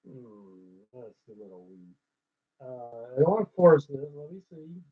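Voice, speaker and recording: A man with a husky, slightly rough voice thinks out loud as he works out rhymes off the cuff. He tries lines aloud, then drops to a near-mutter. The sound is thin and tinny, like a phone line. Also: fairly high pitch, lively intonation, takes it slowly, long pauses. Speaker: host working out rhymes. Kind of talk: ad-libbed musing monologue.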